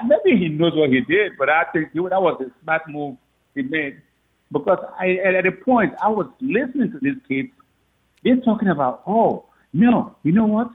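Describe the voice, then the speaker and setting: A father telling a story on the phone, animated and laughing often as he acts out what people said. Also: on the high side, husky. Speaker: father of a recruit. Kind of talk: phone interview. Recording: tinny phone line.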